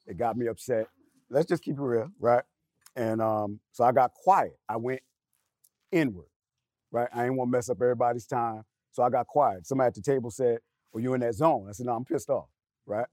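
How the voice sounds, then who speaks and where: A man's voice: mid-range voice, brisk, a little mellow, no echo, clean studio sound. A middle-aged man on a discussion panel, candidly telling a personal story and acting out what was said. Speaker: panel guest.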